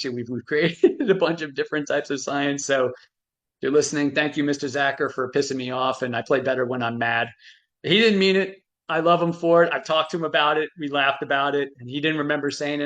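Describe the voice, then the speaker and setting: A man's voice: on the high side, a little fast, a bit bright. A middle-aged man, a frequency medicine expert, telling stories animatedly with many restarts on a live stream. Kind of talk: motivational talk on a live stream.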